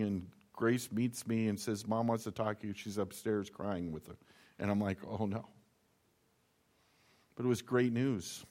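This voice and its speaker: Conversational man preaching a sermon. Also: mid-range voice. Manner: conversational, reads scripture then explains with personal stories. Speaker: pastor.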